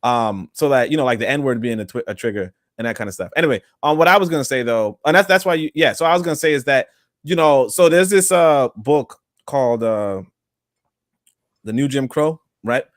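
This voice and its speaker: A man's voice: mid-range voice, lively intonation, brisk, no echo, clean studio sound. A man hosting a livestream podcast, talking in a loose, rambling way with many fillers and asides. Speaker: podcast host. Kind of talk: casual livestream talk.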